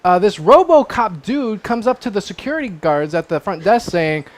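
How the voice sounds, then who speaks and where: A man on a comic book panel show, excitedly retelling a comic plot in a rambling, casual way. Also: high voice, normal speed.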